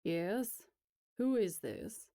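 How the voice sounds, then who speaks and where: A curt, suspicious rural old man in a read-aloud story, as a woman puts him on. He talks slowly in a dark, mellow tone, a little lower than the reader's own voice. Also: steady tone, vocal fry, dry recording. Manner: curt and affronted.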